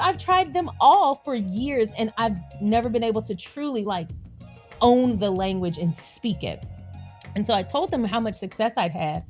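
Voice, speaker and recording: A woman with a Southern country accent hosts her own vlog in a chatty, animated way. She laughs easily and sounds natural and unscripted. Faint music plays behind her voice. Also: a little high, moderate pace. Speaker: YouTube channel host. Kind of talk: casual vlog chat.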